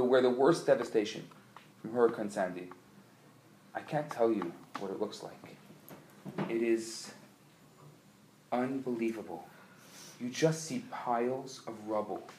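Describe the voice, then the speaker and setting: A man, a rabbi, teaching a live class, telling a story with rising passion and loud emphatic peaks. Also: medium pitch, a little slow, pauses often, a little hiss or hum. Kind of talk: live lecture. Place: lecture room. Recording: echoey room live recording.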